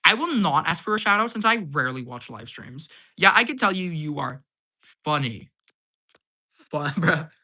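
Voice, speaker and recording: A man hosting a casual live stream Q&A, reading out viewer comments and answering them. He is hyper, laughs often and sounds slightly hoarse. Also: on the high side, big pitch swings, normal speed, sharp tone.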